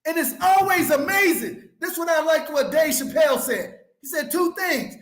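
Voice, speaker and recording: A fired-up male money coach shouts a fiery, profanity-laced motivational rant in a preacher's rhythm. His voice sits very high, and the recording echoes around the room. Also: moderate pace. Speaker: financial coach, show host.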